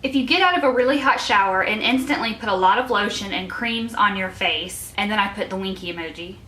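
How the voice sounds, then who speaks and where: A woman's voice: medium pitch, a little fast, background noise. A young woman in her twenties chatting casually as a vlogger, reading old notes aloud and giggling at herself in a self-mocking way. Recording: echoey room.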